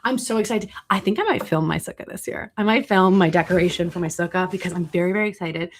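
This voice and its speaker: Chatty woman, low voice, livestream Q&A. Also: fast talker. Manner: chatty, animated storytelling with asides. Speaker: livestream host answering questions. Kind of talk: casual livestream chat.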